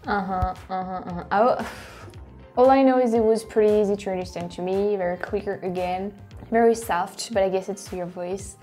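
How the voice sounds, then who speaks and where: A woman with a French accent hosts, reacting to clips with bursts of excitement. Her voice is mellow and warm rather than bright, at a middle pitch. Light music sits faintly underneath. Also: moderate pace. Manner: excitable, effusive. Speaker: host. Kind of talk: casual reaction commentary.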